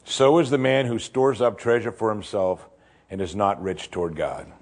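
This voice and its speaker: A male pastor preaching a sermon in an animated way, full of rhetorical questions and acted-out voices. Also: on the low side, moderate pace.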